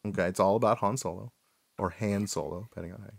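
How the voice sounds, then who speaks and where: A man hosting a casual podcast, laid-back and quick to laugh, with lots of hesitant fillers. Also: on the low side, gravelly, slightly rough, dry recording, clean studio sound. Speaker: podcast host.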